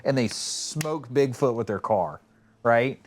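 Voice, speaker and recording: A man co-hosting a podcast in casual chat, telling stories in a rambling, animated way and acting out quotes with swearing. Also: medium pitch, takes it slowly, slight background noise. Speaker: podcast co-host.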